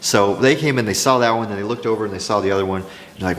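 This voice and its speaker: Lowish-voiced guy rambling thru craft business tips, echoey hall sound. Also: very fast. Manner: rambling, restarts often, animated storytelling. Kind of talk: casual talk to camera.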